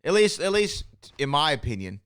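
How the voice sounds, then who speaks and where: A man's voice: a little high, normal speed, smooth, dry recording, clean studio sound. A man with a Southern American accent, co-hosting a podcast in a casual, chatty way. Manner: relaxed, chatty, frequent fillers. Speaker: podcast co-host. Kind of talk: casual chat.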